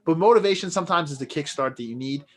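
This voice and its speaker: A man's voice: on the high side, lively intonation, quick pace. A man co-hosting a podcast, talking earnestly and motivationally in casual chat with plenty of fillers. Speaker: podcast co-host.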